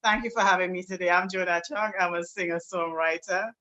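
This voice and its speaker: A woman with a Trinidadian accent, a singer and presenter, talking warmly and effusively as a guest on a video call. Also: fairly low pitch, steady tone, brisk, muffled recording. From south Trinidad. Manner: warm, effusive greetings, talkative. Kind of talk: casual online event talk.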